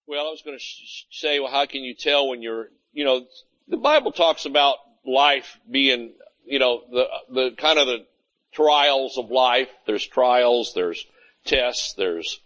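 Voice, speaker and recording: Man preaching a casual, lively sermon. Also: mid-range voice, dull audio. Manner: conversational, acts out little scenes, frequent "Amen?". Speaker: pastor.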